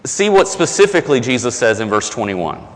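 A man's voice: mid-range voice, very animated, fairly quick, long reverb tail. A male pastor delivering a sermon in a conversational, self-deprecating storytelling way, with frequent restarts.

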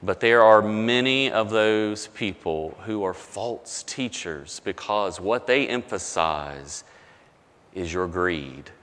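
A man preaching a conversational sermon as pastor, often dropping low and soft to stress a point. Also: slow pace, in a large hall.

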